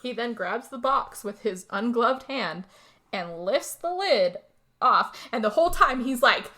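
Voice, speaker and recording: A young woman tells a film's story to a co-host in loose, casual chat. Her voice is bright and forceful. She swears freely and slips into quick impressions of the characters. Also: fairly high pitch. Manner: animated storytelling, swearing, acts out character lines. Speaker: podcast co-host recapping a movie.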